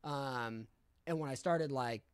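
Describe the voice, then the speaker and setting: A man's voice: medium pitch, slow, clear, resonant tone, no room sound. A young man telling a candid story in casual talk, full of swearing and fillers. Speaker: podcast guest.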